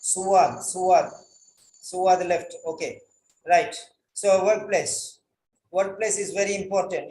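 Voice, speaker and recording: Male writing tutor, higher pitch, corrective and repetitive, recorded in a roomy space. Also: slight background noise. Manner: corrective, repeats phrases, spells words out. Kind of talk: correcting a student's letter line by line.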